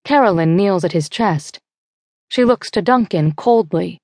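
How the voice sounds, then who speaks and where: A woman reading a first-person thriller audiobook in a lowish, even voice. The studio sound is close and dead dry, her delivery tense and measured. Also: no echo. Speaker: audiobook narrator. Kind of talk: first-person scripted narration. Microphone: close studio mic.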